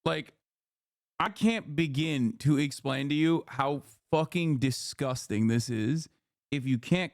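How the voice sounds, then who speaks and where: A man's voice: a little high, no room sound, clean studio sound. A man giving heated, profane reaction commentary on a livestream, ranting and mocking what he reads. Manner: mocking quoted voices. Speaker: streamer.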